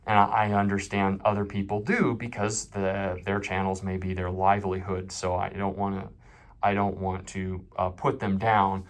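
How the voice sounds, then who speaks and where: A man's voice: sits low, little pitch movement, normal speed. A man hosting his own tech channel, giving a candid, unscripted phone review with a self-deprecating, off-the-cuff manner.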